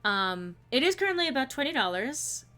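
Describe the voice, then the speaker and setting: Bright-voiced woman streamer. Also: sits high, big pitch swings, fairly quick. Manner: chatty, playful, with frequent fillers. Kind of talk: casual stream chat.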